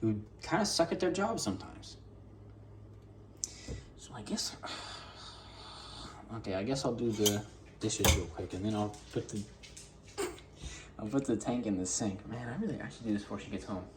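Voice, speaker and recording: A man's voice: fairly low pitch, expressive, moderate pace, pauses often, a little hiss or hum. A man casually vlogging at home in his kitchen, rambling, joking and teasing his dogs as he works.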